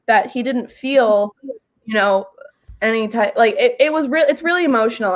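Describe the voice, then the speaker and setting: A woman hosting a casual fan discussion over a video call, earnestly explaining at length. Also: on the high side. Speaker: show host.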